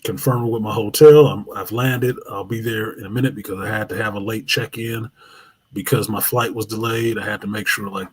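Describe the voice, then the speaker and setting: A man hosting a live show, telling a long, profane story in an animated way. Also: fairly low pitch, fairly quick, slightly rough. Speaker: host.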